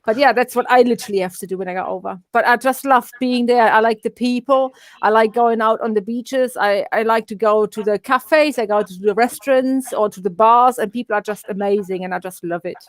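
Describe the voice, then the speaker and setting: A woman's voice: a little high, brisk, few pauses, dry recording, studio quality. Cheerful woman with a German accent. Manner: cheerful, laughing between sentences. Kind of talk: casual interview chat.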